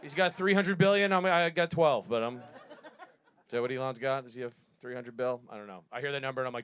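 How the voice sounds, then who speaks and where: A man's voice: mid-range voice, fairly quick, a bit bright, a little hiss or hum. A man in his thirties doing a rambling, self-deprecating stand-up set on a live stage, often laughing at his own jokes. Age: 30s. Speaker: stand-up comedian.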